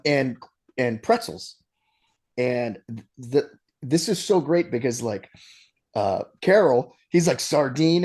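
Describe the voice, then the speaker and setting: Man, mellow warm voice, casual film chat, laughing storyteller. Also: mid-range voice. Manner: animated storytelling with frequent laughs and restarts. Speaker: podcast co-host. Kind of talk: casual movie discussion.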